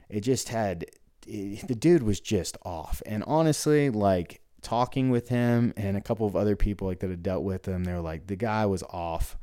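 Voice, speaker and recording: A man's voice: lowish voice, normal speed, mellow, clear, resonant tone, no room sound, clean studio sound. A man who runs a gym and coaches, telling a story in a casual rambling monologue, full of "like" and acted-out dialogue. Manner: rambling, frequent "like" fillers, acts out quoted dialogue.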